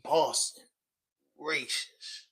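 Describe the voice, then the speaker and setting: Bright-voiced man chatting casually. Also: extremely slow, poor audio. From Baltimore. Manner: loose, emphatic, peppered with "you know what I'm saying". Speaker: podcast host. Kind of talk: casual livestream chat.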